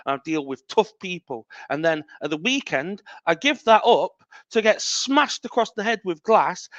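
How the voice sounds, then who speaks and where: A man's voice: high-pitched, dry recording, muffled recording. A man, a wrestling champion cutting an angry, profane, taunting promo as a podcast guest.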